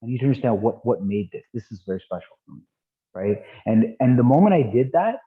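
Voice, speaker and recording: Animated man teaching over a tinny call. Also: medium pitch, quick pace. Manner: animated, repetitive, frequent false starts and laughs. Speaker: martial arts instructor. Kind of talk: casual spoken teaching. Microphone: online video call. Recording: tinny phone-like audio.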